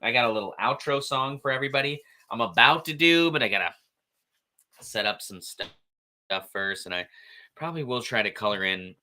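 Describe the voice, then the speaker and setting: Lively bright-voiced man chatting. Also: medium pitch, brisk. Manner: rambling self-commentary with swearing. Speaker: art show host. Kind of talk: casual chat while coloring.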